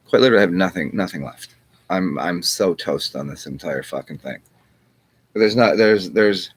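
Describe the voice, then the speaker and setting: A man's voice: on the low side, dry recording. A man hosting his own channel, talking in a rambling, profane monologue with frequent restarts and a wry edge. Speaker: channel host.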